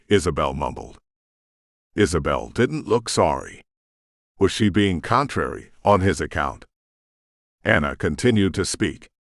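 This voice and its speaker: A man narrating a romance audiobook in an expressive, scripted style. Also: low voice, a little slow, no echo, studio quality.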